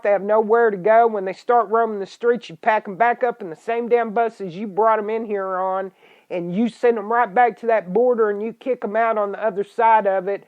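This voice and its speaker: A middle-aged woman, hosting a political podcast in an angry, scolding rant with sudden loud outbursts. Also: mid-range voice, fairly even intonation, normal speed. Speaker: podcast host. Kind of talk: ranting political podcast monologue. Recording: dull lo-fi internet radio stream.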